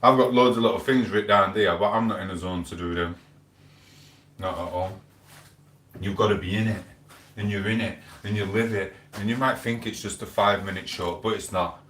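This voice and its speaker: Rambling man, low voice. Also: fairly even intonation, brisk, a bit bright, slight background noise. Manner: chatty, rambling, storytelling with lots of quoted back-and-forth. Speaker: live streamer. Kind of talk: rambling live stream chat. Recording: echoey room, voice a bit far from the mic.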